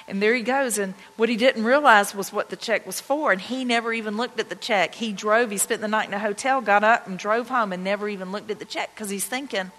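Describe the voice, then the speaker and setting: A woman pastor telling personal stories in a conversational, excited sermon to her congregation. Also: mid-range voice. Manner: conversational, anecdotal, excited retelling. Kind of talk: storytelling sermon. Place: church sanctuary. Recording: long church-hall reverb.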